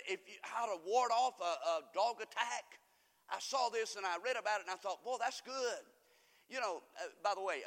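A man preaching a folksy sermon to his congregation, rambling through stories and swinging from soft asides to loud emphasis. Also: sits high. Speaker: pastor. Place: church sanctuary. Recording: reverberant church hall.

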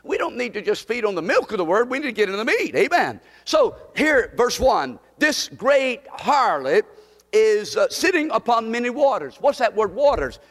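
A male pastor, his voice sitting notably high, preaching a sermon. He leads the congregation in call-and-response and builds to emphatic repetition. The sound carries a long echo from a large church hall. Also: big pitch swings, moderate pace, a bit bright.

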